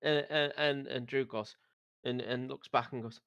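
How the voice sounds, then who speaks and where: A man's voice: mid-range voice, steady tone, normal speed, vocal fry, a bit bright, clean tone, dry recording, studio quality. A man taking part in a tabletop game, describing what his character does with frequent stammered restarts. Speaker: player. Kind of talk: tabletop role-play chat.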